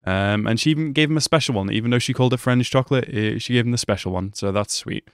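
A young man giving casual, excitable commentary as he reacts to an anime episode, talking back at the screen. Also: mid-range voice, fast talker, clean tone, dry recording, studio quality.

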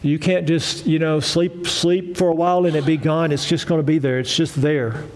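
Emphatic high-voiced male preacher. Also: level tone, moderate pace, darkish tone. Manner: emphatic, repetitive, conversational preaching; asks the congregation questions. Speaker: pastor. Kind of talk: sermon.

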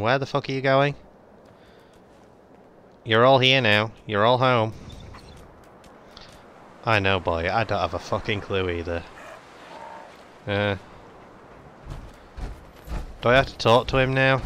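A man playing a game on video, with a fairly low voice and a bright, forward tone. He jokes and swears sarcastically as he plays. A faint hiss runs under it. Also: measured pace, long pauses. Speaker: gaming video host. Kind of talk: let's play commentary.

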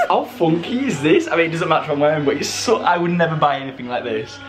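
Young man, vlogger, lively swooping voice, jokey, music underneath. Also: fast talker. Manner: bubbly, jokey, laughs often, swoops up high. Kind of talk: casual vlog chat.

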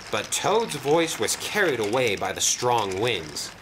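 A man narrating a children's toy train story in an expressive storybook style. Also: mid-range voice, unhurried, hardly any pauses, noisy background. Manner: lively, expressive.

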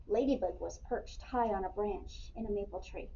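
A woman reading a bedtime storybook aloud gently, pausing to ask children questions. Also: mid-range voice, creaky, slight background noise. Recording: muffled, distant mic with faint ambience.

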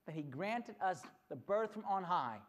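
A retreat speaker giving a storytelling sermon, lively and animated, who acts out the characters. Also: medium pitch, measured pace.

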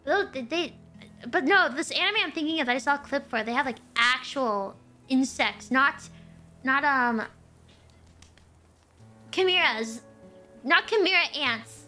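A woman's voice: high-pitched, expressive, a little slow, pauses often, pushed and bright, soft background music. A woman streamer chatting animatedly while playing a game, telling stories as she goes. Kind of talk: casual gameplay chat.

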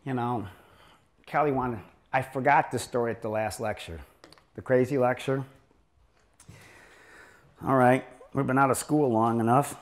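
A man's voice: medium pitch, steady tone, a little slow, long pauses. An older man lecturing as a chiropractor, telling rambling stories in a sarcastic, joking way. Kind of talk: humorous lecture storytelling.

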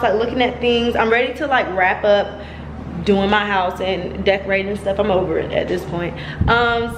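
A young woman in her twenties chatting casually to her viewers at home, filled with "like" and quick asides. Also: fairly high pitch, a little hiss or hum, low-quality recording. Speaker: vlogger. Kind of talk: casual home vlog chat. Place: at home, indoors.

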